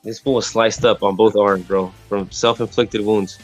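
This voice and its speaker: A man from Texas with a fairly low voice tells a rambling, slang-filled story. He often stops to restart his sentences and fills the gaps with "um" and "right?". Faint music plays behind him. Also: steady tone, normal speed. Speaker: podcast co-host telling a story. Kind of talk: casual storytelling chat.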